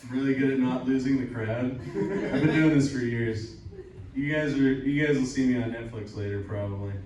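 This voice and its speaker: A young man performs a rambling, crude, self-deprecating stand-up set at a live show in the upstairs room of a cider house. His mid-range voice is a little mellow, with a lo-fi sound. The room is very echoey, he sounds far off, and faint room noise hangs in the background.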